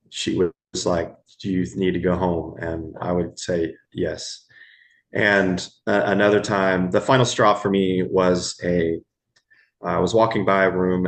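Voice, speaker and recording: A middle-aged man with a low-pitched voice, a former ER medic, appears as a guest on a podcast interview. He recounts stories from his years in the emergency room, speaking slowly and haltingly and repeating words as he goes.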